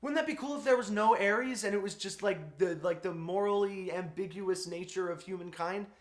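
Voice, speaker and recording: Male film reviewer, slightly high voice, ranting and swearing in an echoey room. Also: moderate pace. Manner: exasperated, profane ranting. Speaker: movie reviewer.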